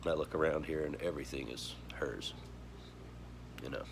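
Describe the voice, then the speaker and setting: A grieving man with a voice of extreme depth and a gravelly rasp speaks slowly and haltingly, starting over again and again. He sounds choked up. Steady background noise sits under his voice. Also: extremely low pitch. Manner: heavy, halting, with many pauses and restarts. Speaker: vlogger. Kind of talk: grieving personal vlog.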